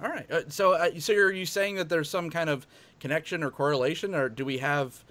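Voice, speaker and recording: A man hosting a casual card-game show, joking and halting with fillers and restarts. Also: a little high, steady tone, fairly bright tone. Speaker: podcast host.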